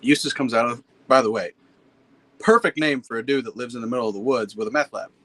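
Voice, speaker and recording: A man's voice: medium pitch, quick pace, fairly bright tone, no room sound, rough recording. A man from Pennsylvania guests on a casual podcast. His voice sits in the middle range. He talks in a laid-back, blunt way and swears freely. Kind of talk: casual storytelling chat.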